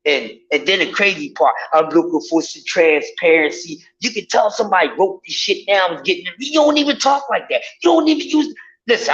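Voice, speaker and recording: Animated, profane man ranting. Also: high-pitched. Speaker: vlogger. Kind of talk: casual rant to viewers. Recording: dull lo-fi audio.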